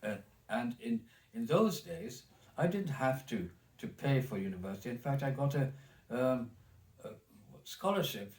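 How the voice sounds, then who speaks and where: A man's voice: mid-range voice, expressive, measured pace, darkish tone, recorded from a distance. Rambling elderly man with a German accent. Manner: rambling, with many restarts and repeated words. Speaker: interviewee telling his life story. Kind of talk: recorded oral history interview. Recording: echoey room, off mic.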